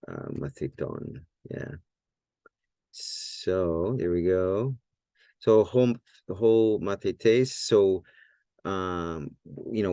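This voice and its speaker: Low-voiced male tutor, relaxed and full of fillers, dry close recording. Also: dry recording. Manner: relaxed, thinking aloud with many fillers and restarts. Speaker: Greek teacher. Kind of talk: whiteboard language lesson.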